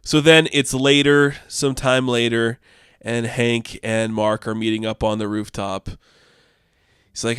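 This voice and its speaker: Smooth-voiced man chatting through a comic. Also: medium pitch, a little slow, a bit bright, no echo, studio quality. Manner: loose and chatty, fond of "like", recaps in paraphrased quotes. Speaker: comic book reviewer. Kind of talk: casual comic recap.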